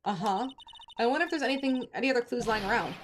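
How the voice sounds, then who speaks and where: A woman's voice: on the high side, lively intonation, fast talker, slight background noise, natural voice. A woman voicing a young male defense lawyer from a video game in her own voice, in a plain questioning tone.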